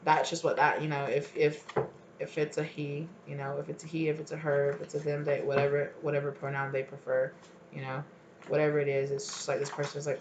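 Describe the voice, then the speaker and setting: A woman's voice: deep voice, flat delivery, fairly quick, noisy background. A woman giving a tarot reading, rambling with many fillers and voicing an imagined partner's pleas with feeling. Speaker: tarot reader.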